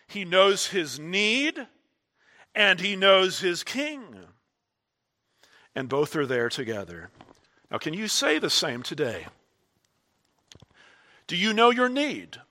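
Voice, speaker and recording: A man preaching a sermon to his congregation, slow and emphatic, swelling and dropping in intensity. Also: sits high, huge pitch swings, sharp tone.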